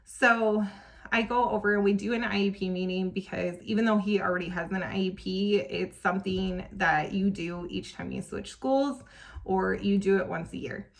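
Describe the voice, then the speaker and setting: A woman's voice: mid-range voice, moderate pace, creaky. A young woman telling a personal story as a parent vlogger, emotional and full of "um" and "like" fillers. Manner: emotional, tearful at times, many fillers like "um" and "like".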